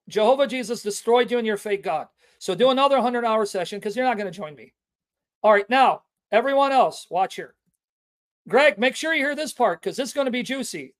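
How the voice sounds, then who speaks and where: A man hosting a Christian apologetics livestream, combative and taunting, calling out an opponent and stressing phrases slowly. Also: very high voice, expressive. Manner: emphatic, with drawn-out stressed phrases.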